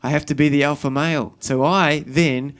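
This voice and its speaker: A middle-aged man with a New Zealand accent performs stand-up on a live stage, his voice sitting a little higher than most men's. He rambles through self-deprecating stories and acts out the scenes, sometimes jumping into a shout. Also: steady tone, moderate pace, clear, resonant tone. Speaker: stand-up comedian. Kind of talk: stand-up storytelling. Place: stage at a live comedy show.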